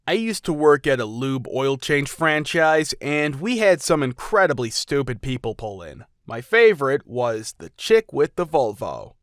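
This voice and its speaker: A man reading out customer stories in an even storytelling manner. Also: medium pitch, measured pace, few pauses, no room sound, studio quality. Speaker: narrator. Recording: faint music behind.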